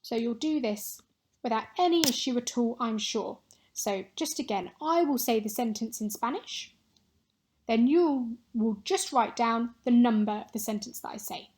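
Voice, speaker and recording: A woman teaching a recorded Spanish lesson, modelling words clearly and patiently for pupils to repeat. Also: on the high side, moderate pace, a little mellow.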